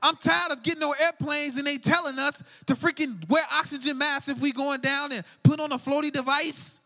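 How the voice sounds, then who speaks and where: High, bright-voiced preacher man, shouting. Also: normal speed, in a large hall. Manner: energetic, shouting and dropping to a hush, casual slang. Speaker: pastor. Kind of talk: sermon.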